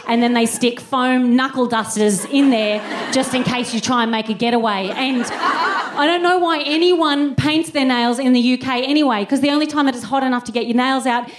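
A woman's voice: high voice, normal speed, noisy background. Woman doing live stand-up. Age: 30s. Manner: animated storytelling with put-on voices and scat singing. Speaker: stand-up comedian. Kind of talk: stand-up comedy routine. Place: live venue with an audience.

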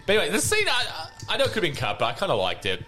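A man hosting a casual, sweary chat, animated and laughing often. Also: sits high, racing, soft background music. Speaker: podcast host.

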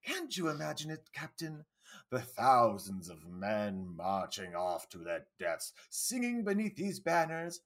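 A woman's voice: rumbling low, wildly swooping pitch, a little slow, husky, exaggerated voice. A woman cold-reading a flamboyant, posh male alien squire in a vaguely British accent that never fully commits. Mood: grandiose. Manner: grandiose, savoring every word.

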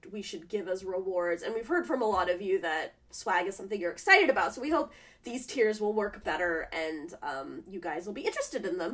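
A woman co-hosting a podcast in casual chat, sounding nasal from a cold and talking in animated bursts with fillers. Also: medium pitch. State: sick and nasal. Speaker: podcast co-host.

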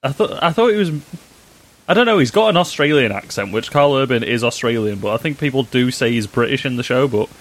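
A man's voice: medium pitch, expressive, a little fast. A man co-hosting a casual pop culture podcast, playful and jokey, often giggling. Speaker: podcast co-host.

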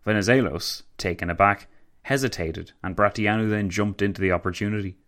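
A man reads a scripted story aloud. His voice sits low and measured. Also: steady tone, fairly bright tone. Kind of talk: scripted narration.

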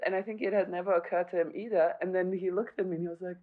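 A woman's voice: lowish voice, steady tone, fast, phone-quality sound. A woman co-hosting a tennis podcast, chatting casually and analytically and laughing easily. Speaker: podcast co-host, former player.

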